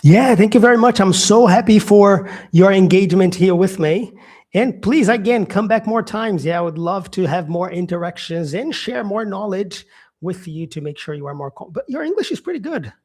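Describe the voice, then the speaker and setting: A Brazilian man speaks English with a Portuguese accent and a slightly high voice. He chats casually on a live stream, answering viewers with lots of ums and uhs. His tone stays easygoing and talkative. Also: expressive, moderate pace, darkish tone. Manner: chatty, reading out viewer comments, frequent fillers.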